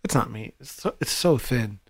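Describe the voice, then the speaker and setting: A young man co-hosting a podcast, throwing in quick deadpan quips in casual chat. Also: medium pitch, vocal fry, background noise. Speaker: podcast co-host.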